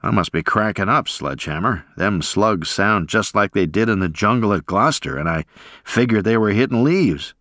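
A seasoned Marine veteran, as a male narrator puts him on, talking in a casual, folksy drawl with a low voice and plenty of lift in the line. Dry, close sound. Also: animated, normal speed, fairly bright tone, no echo. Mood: chagrined.

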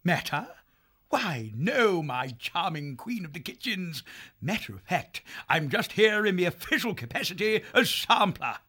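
An actor playing a breezy, upper-class male woodland creature in a full-cast audiobook, hearty and flattering. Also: high-pitched, measured pace, slightly rough, full character voice. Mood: jolly.

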